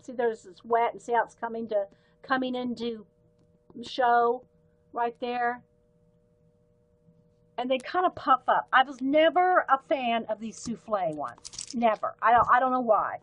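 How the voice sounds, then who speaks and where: A woman's voice: fairly high pitch, fairly bright tone, low-quality recording. Chatty Southern woman rambling about pens. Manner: chatty and rambling, with frequent ums and self-interruptions. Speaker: live-stream art host. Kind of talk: casual livestream chat.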